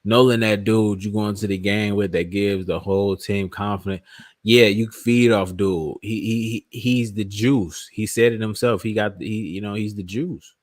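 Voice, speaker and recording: A man hosting a fan channel, giving casual, excitable reaction commentary full of slang and repetition. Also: fairly low pitch, moderate pace, no echo, studio quality. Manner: excitable, repeats himself, slangy.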